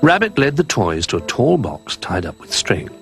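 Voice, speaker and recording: A man narrating a children's storybook in an expressive, gently paced reading. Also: mid-range voice, moderate pace.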